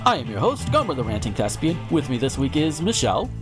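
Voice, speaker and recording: Animated, profane ranting male podcast host. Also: medium pitch, quick pace, over music. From United States. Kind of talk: casual ranting chat.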